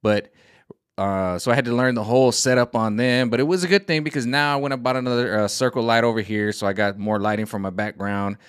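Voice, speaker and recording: A man ranting casually to camera as a vlogger, animated and exasperated. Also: medium pitch, fast talker, clear, resonant tone, dry recording, clean studio sound. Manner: animated, exasperated, jumps into quoted voices. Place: home room set up for streaming.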